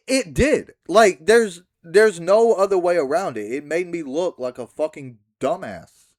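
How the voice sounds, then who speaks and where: This ranting vlog features a young backyard wrestler with a fairly high, slightly mellow voice. He complains on camera about a wrestling finish, swearing and mimicking the scene mockingly.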